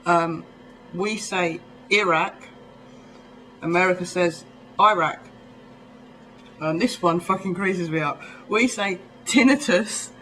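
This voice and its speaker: A man's voice: high-pitched, a little slow, few pauses, fairly bright tone, a little hiss or hum, rough recording. A man from near London with a southern English accent, vlogging in a casual, rambling way full of ums. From England, near London. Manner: rambling, chatty, full of ums and little laughs. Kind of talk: casual chat to camera.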